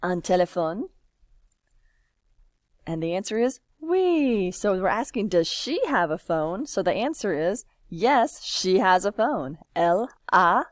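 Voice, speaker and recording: Slow, patient woman teaching French. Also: fairly low pitch, no echo, studio quality. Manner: patient, encouraging, slow and drawn-out. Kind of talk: classroom lesson, typing while explaining.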